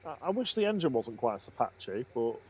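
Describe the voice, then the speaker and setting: A man in casual live commentary, chatty and quick to laugh as he reads out viewer comments. His voice sits at an ordinary middle pitch for a man. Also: sing-song, husky. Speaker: live stream co-host.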